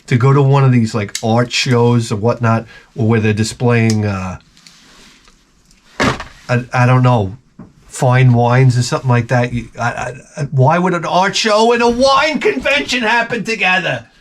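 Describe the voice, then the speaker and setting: Rambling, excitable man unboxing mail. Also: mid-range voice, a little slow, slight background noise. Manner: rambling, excitable, swears freely. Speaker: vlogger opening fan mail. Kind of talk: casual unboxing chat. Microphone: camera mic.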